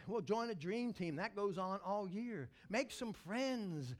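A man preaching a sermon as pastor, telling animated stories and breaking into loud excited shouts. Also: high-pitched, unhurried, hardly any pauses.

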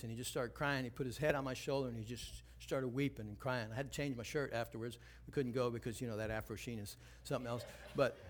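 High, bright-voiced man preaching. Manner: animated storytelling, drops low and quiet for tense moments, then rises and preaches. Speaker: pastor. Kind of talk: sermon with personal story.

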